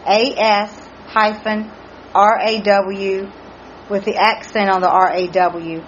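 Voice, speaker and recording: Taking her time, a woman with a medium-pitched voice and flat delivery teaches a Bible study, carefully spelling Hebrew words letter by letter. Slight background noise and faint ambience come through the muffled, lo-fi recording.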